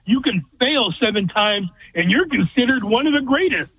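A man's voice: extremely high pitch, lively intonation, normal speed, husky, no room sound. A man calling in to a sports radio show, blunt and opinionated. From California. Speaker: caller. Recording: tinny phone line.

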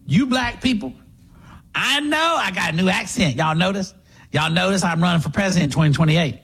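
A man's voice: high-pitched, animated, a little fast, fairly bright tone, breathy edge, full character voice. A man doing a mocking folksy politician drawl.

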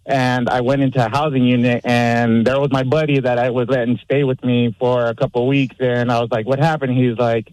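A man's voice: medium pitch, flat delivery, brisk, darkish tone, dry recording, rough recording. A man calling into a radio show, telling a story in an easygoing, matter-of-fact way. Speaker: caller. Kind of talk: phone-in storytelling.

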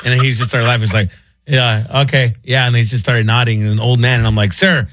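A man, a comedian, telling an animated story in a casual chat. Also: medium pitch, fast, very noisy.

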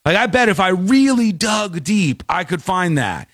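A male co-host with a high voice that leaps up and down as he reacts in disbelief. He jokes and talks things through in a casual chat. The sound is dry and close. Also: a little slow, no room sound. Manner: incredulous, animated, jokey. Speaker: podcast co-host.

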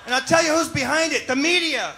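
Man, stand-up comic, very high voice, wry conspiratorial tone, noisy live recording. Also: fast. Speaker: stand-up comedian. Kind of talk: stand-up set.

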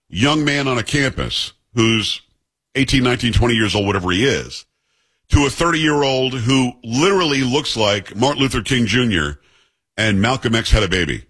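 Blunt man with a husky voice. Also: medium pitch, a bit bright. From New York. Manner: blunt, sarcastic, conversational. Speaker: host. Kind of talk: political commentary.

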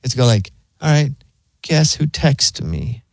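A man's voice: medium pitch, very animated, a little slow, gravelly, no room sound. A man hosting casual studio banter, telling stories and mimicking other people's voices.

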